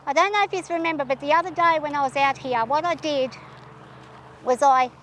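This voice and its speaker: A woman talking while riding her horse outdoors, shaky and anxious, talking herself through her nerves and calming the horse. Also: high-pitched, fairly quick, slight background noise. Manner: nervous, talks herself through, soothes the horse. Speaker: horse rider vlogger.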